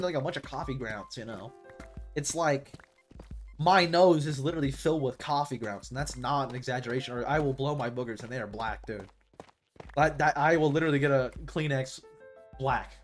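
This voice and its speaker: Young male streamer, mid pitch, loose slangy chatter to chat while he plays, faint music under it. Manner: rambling, slangy, talks to chat while playing. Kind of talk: casual gaming stream chat.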